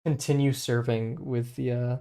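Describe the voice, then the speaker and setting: Mellow-voiced man thinking aloud while drawing. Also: mid-range voice, fairly even intonation, normal speed, clear, resonant tone. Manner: rambling, hesitant, many fillers and restarts; self-deprecating, laughs easily. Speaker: streamer learning to draw.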